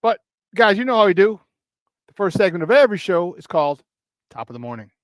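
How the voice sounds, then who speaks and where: A man hosting a casual morning sports talk show, energetic and slangy, greeting viewers by name and laughing often. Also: high-pitched, brisk, dry recording, studio quality.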